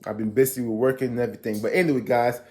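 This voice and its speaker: A man casually recapping a TV episode as a reviewer, chatty and animated, acting out characters' lines. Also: mid-range voice, quick pace.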